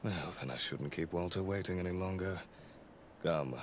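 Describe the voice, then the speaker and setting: An actor voicing an aloof aristocratic gentleman with a formal, dismissive manner. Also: sits low, moderate pace, slight background noise, close to an everyday voice.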